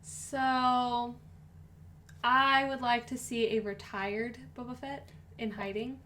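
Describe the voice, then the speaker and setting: Excitable woman co-hosting a chat. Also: fairly high pitch, takes it slowly, a little hiss or hum. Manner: playful, excitable, jokes a lot. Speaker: podcast co-host. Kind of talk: casual live-stream chat.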